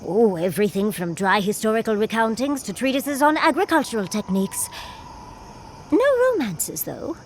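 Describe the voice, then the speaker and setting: A woman's voice: medium pitch, animated, normal speed, a little hiss or hum, natural voice. An actress voicing a furred female adventurer companion in a video game, with a wry, teasing manner that tosses out darling and dear. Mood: wistful. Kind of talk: video game character dialogue.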